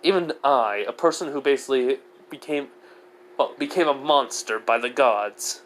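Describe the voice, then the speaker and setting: A man's voice: mid-range voice, moderate pace, a bit bright, slight background noise, poor audio. A man casually narrating a fan fiction story, rambling with lots of fillers and self-corrections.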